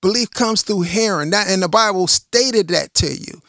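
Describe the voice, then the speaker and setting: A man's voice: high-pitched, normal speed, fairly bright tone, dry recording, clean studio sound. A middle-aged man, preaching a confrontational, repetitive monologue as a religious podcast host.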